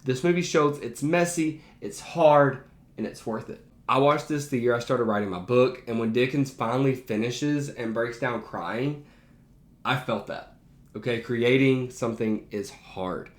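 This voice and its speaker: A man's voice: mid-range voice, a little slow. A man who works as a teacher, ranking favorite movies in a casual, enthusiastic and emphatic way. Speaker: teacher and behavior analyst. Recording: roomy echo.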